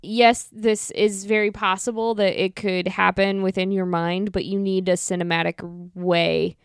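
A woman co-hosting a podcast, giving opinionated views in a casual movie review chat with quick wry remarks. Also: mid-range voice, flat delivery, clean tone, dry recording, clean studio sound. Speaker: podcast co-host.

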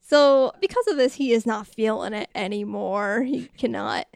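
Gravelly-voiced woman recapping a movie. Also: a little high, no room sound, studio quality. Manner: animated retelling with quick character voices and laughs. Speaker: podcast co-host. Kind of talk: casual movie recap chat.

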